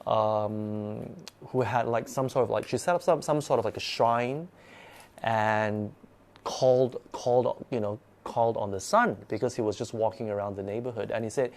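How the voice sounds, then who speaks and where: A man telling a personal ghost story in casual, animated speech, often repeating words as he goes. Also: lowish voice, normal speed. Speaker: guest storyteller.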